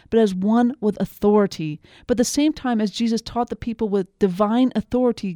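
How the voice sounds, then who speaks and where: A woman preaching a devotional sermon, earnest and emphatic, slowing down on key phrases. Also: a little high, mellow, no echo, clean studio sound.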